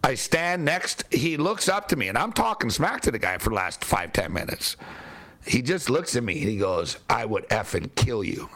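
Man, casual storytelling, animated, laughing, mid pitch. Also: normal speed. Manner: animated, swearing, laughs while telling. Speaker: podcast guest telling a story.

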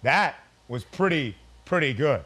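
A man hosting a sports betting show, joking with passers-by and his producer in quick, playful questions. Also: medium pitch, animated, sharp tone, slightly rough. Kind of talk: playful street interviews and betting banter.

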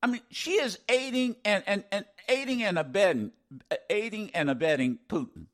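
A middle-aged male radio host with a high voice that swings widely up and down. He talks in an animated, indignant way and throws in sarcastic asides. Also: moderate pace. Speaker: radio talk show host. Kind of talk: call-in radio talk.

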